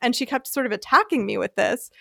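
An American woman hosting a podcast, telling a personal story in a casual, animated way and acting out the voices she quotes. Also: on the high side, fast talker, creaky, no echo, clean studio sound. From United States. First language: English. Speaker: podcast host.

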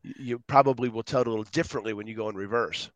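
A middle-aged man, a guest on an interview show, telling stories in an animated, rambling way. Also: on the low side, very fast, no echo, highs cut off. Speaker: guest speaker. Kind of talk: casual interview storytelling.

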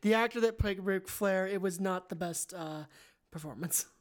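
Woman on a movie podcast, heartfelt, stumbles a bit when it gets emotional, casual chat. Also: mid-range voice. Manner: earnest, emotional, halting when moved. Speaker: podcast co-host. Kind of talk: casual film review chat.

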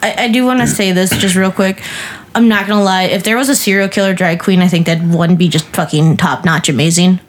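A woman's voice: fairly low pitch, steady tone, brisk, rough recording. A woman co-hosting a casual podcast, rambling with lots of "like" and swearing. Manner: rambling, filler-heavy, profane. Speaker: podcast co-host. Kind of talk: casual chat.

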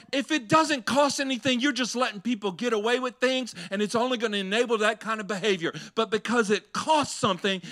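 A man's voice: high-pitched, fairly bright tone. A man, a pastor preaching a sermon to his church, shifting between conversational asides and raised, emphatic delivery.

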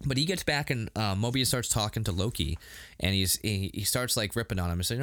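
A man with a fairly low voice chats loosely about an episode, rambling and slipping into quick acted-out quotes. The sound is dry and close, with no room around it. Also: fairly bright tone, no echo. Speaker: podcast co-host reviewing a TV episode. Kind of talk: casual review chat.

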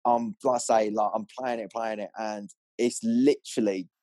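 A young man, an angler, telling a story in an animated, rambling way full of fillers, on a clip-on mic. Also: fairly low pitch, moderate pace, no echo. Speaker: angler guest. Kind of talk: excited storytelling.

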